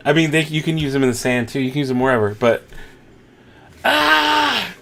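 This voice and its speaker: A man hosting a live watch-along stream, reacting with excitement, gasps and laughter. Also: a little high, measured pace. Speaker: livestream host.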